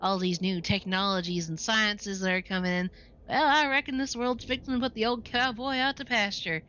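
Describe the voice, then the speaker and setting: A woman voicing a folksy, wistful old male cowboy who talks in a slow Western drawl. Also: medium pitch, steady tone, bright, forceful tone, clear, resonant tone, dull audio, natural voice.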